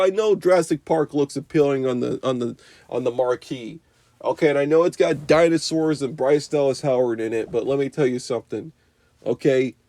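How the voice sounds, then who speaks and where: A man's voice: medium pitch, vocal fry, mellow, no room sound. Rambling, swearing man ranting about movies. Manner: profane, rambling, full of "you know" and "like". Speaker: movie reviewer. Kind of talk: unscripted rambling rant.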